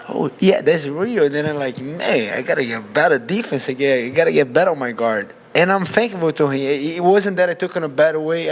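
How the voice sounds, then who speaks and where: Brazilian-accented fighter in an echoey hall. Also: male voice, a little high. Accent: Brazilian Portuguese. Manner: candid, animated, non-native grammar. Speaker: MMA fighter. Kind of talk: casual interview answer. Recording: long hall reverb.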